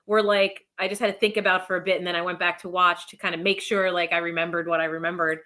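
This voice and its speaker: Bright-voiced woman guest, chatty. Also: lowish voice, quick pace. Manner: chatty, animated storytelling. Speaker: independent wrestler, guest. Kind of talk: casual chat.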